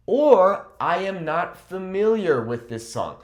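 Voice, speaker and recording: A young man teaching a Spanish lesson online, explaining patiently and repeating example phrases slowly. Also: on the high side, very animated.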